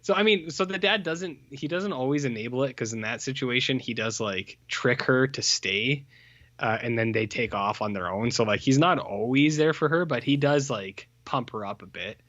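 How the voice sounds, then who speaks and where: A man's voice: medium pitch, moderate pace, no room sound, dull audio. A man co-hosting a podcast, reviewing a film in casual, rambling chat with lots of fillers and mocking put-on voices. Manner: rambling, animated, full of fillers, mocks characters in put-on voices. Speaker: podcast co-host.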